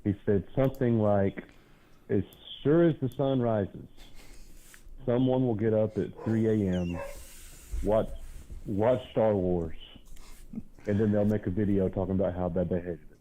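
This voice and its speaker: A man's voice: lowish voice, steady tone, moderate pace, mellow, a little hiss or hum. A man calling in to a show, talking earnestly and at length, with a self-mocking edge. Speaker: caller. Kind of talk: casual call-in chat. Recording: tinny phone line.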